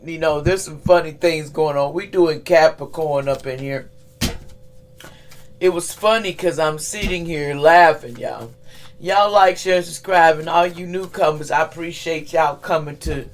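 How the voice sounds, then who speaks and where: A woman giving a casual weekly tarot reading, chatty and loose, laughing as she talks. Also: sits low. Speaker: tarot reader.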